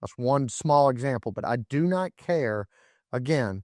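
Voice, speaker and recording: A man's voice: mid-range voice, animated, a little slow, darkish tone, no room sound. 40s guy doing a solo podcast, emphatic and repeats himself a lot, medium voice, dead dry sound. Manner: emphatic, repeats words and restarts, coaching tone. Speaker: podcast host.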